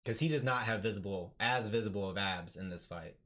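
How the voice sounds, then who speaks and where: Here a man with a fairly low voice and a brisk pace calls an MMA fight live on his stream. The commentary stays casual until the big moments, when he yells excitedly.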